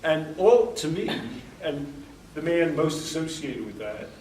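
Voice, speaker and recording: A man's voice: a little high, sing-song, measured pace, mellow, a little hiss or hum. Man lecturing from far off in a roomy hall. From United States. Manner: rambling, anecdotal, acts out quoted dialogue. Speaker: workshop speaker. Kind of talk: conversational lecture. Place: workshop room. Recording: roomy, distant mic in a hall.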